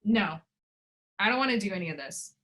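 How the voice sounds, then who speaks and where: A woman's voice: medium pitch, lively intonation, brisk, fairly bright tone. A woman in her thirties in an interview, speaking bluntly and emphatically about her frustration. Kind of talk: emotional personal interview.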